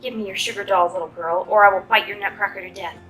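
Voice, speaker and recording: Lady putting on a squeaky hissy mouse king, nasty and threatening, storybook villain. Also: fairly even intonation, quick pace, a bit bright, soft background music, natural voice. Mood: menacing. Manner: shrill squeaking then hissing threats.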